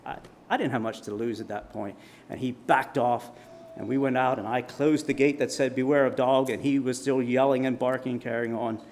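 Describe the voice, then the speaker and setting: A man preaching, telling a vivid personal story as a sermon illustration, with dramatic swings in loudness. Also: mid-range voice, fairly even intonation, normal speed.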